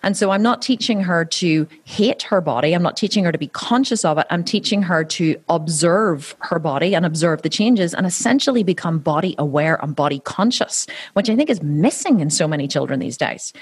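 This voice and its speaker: A woman's voice: on the low side, animated, fairly quick, few pauses, slightly rough, no room sound. A woman in her forties, a professional athlete, chatting casually as an interview guest with frequent fillers and laughs. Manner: chatty, laughing, many restarts and "you know" fillers.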